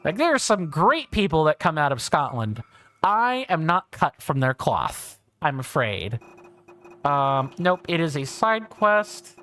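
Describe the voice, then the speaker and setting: A Southern man with a drawl commentates a game on his livestream, chatting and rambling in a self-deprecating way. His voice is a little high and sing-song, unhurried yet pushed and bright.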